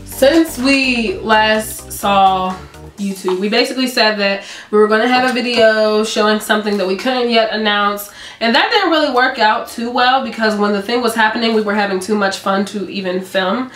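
A teenage woman co-hosting a vlog, telling stories in a gushing, excitable, casual way. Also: mid-range voice, normal speed. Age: teens. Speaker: co-host of a vlog channel. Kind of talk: casual chat. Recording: roomy echo, faint background music.

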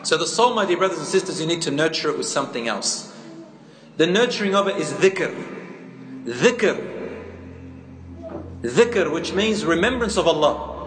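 Male preacher, engaging storyteller, fairly high voice, echoey hall recording. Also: lively intonation, brisk, a bit bright, soft background music. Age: adult, a teacher. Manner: engaging, questions the audience, tells stories. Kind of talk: sermon. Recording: echoey hall, faint ambience.

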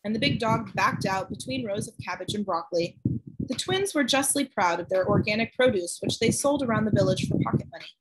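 A woman reading a novel aloud with steady, even storytelling. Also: medium pitch, fairly quick, noisy background. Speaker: audiobook narrator.

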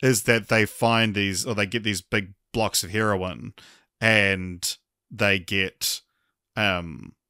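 A male podcast co-host recaps a story in an easygoing way with hesitant pauses. His voice sits very low yet bright. The sound is close and dry. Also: steady tone, smooth, dry recording. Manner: plot summary with hesitant fillers. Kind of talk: casual film discussion.

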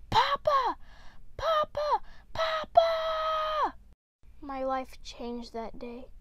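Slow, high-voiced woman reading a storybook. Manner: gentle, expressive storytelling. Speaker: children's book reader. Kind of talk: read-aloud storybook narration.

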